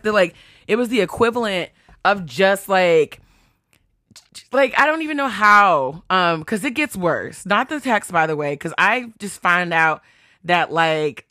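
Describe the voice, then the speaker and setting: With a voice on the low side, this woman podcaster gives a chatty, animated retelling of a story, quoting texts out loud and swearing freely. The recording is dry, with clean studio sound.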